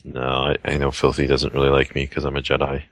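A man's voice: extremely low pitch, monotone, a little fast, a bit bright, dry recording. A man hosting a podcast, chatting casually with a stuffed-up nose and a self-deprecating, easily amused manner. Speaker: podcast host.

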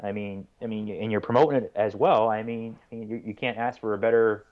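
Guy guesting on a podcast, kinda low voice, keeps stumbling and restarting, sounds a bit muffled lo-fi. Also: steady tone. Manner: halting, repeats words and restarts often. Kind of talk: casual chat. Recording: dull lo-fi sound.

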